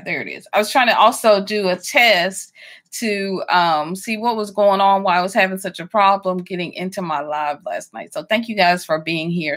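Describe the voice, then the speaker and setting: A woman chats on a casual livestream from home, welcoming each viewer by name with plenty of ums and laughs. Her voice sits at a middle pitch for a woman. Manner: warm greetings to viewers, frequent ums and laughs. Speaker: livestream host.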